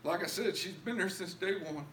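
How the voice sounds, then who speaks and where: A man telling his own story as a testimony in a church, emotional and pleading at its high points. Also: moderate pace, fairly bright tone, roomy sound, a little hiss or hum. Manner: emotional, rising to pleading highs. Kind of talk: testimony sermon.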